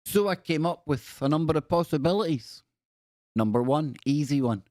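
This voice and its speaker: A man's voice: fairly high pitch, lively intonation, normal speed, darkish tone, no echo, clean studio sound. Man hosting a playful livestream. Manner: playful, rambling asides with jokey spooky voices. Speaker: livestream host. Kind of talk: casual livestream chat, reading viewer stories aloud.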